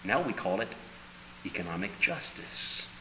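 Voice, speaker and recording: A man preaching a sermon with emphatic delivery, dropping low and then bursting into loud exclamations. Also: big pitch swings, a little slow. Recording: hall reverb with faint noise.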